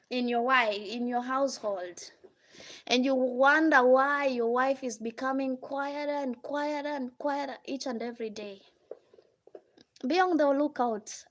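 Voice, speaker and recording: A woman with a Kenyan accent and a high voice talks casually on a live stream, handing out blunt advice on marriage. She scolds her listeners with rhetorical questions and keeps checking in with them.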